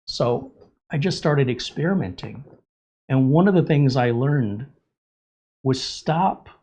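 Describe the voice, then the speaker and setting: A man's voice: mid-range voice, expressive, slow, warm tone, husky. A middle-aged man hosting a livestream, candidly telling a personal story in casual talk. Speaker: host. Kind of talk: livestream chat.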